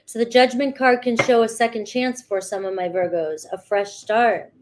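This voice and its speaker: A woman's voice: a little high, fairly even intonation, normal speed. A woman doing a casual tarot reading, chatty and talking straight to her viewers, often checking in with "all right.". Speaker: tarot reader.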